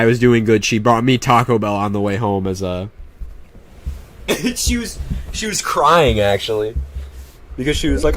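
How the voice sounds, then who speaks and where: A young man telling a rambling, profane story in a casual, animated way, with many restarts. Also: medium pitch. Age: young adult. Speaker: vlogger.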